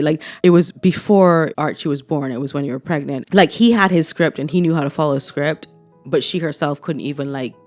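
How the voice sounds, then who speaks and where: A woman's voice: low voice, a little mellow. Sassy, blunt woman commentator. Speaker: commentary vlogger. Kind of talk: casual opinion commentary.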